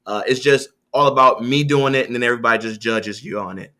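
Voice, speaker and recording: A man talking as an interview guest, telling sales stories in a lively, conversational way. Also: medium pitch, fast talker. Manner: storytelling, animated, with quoted voices.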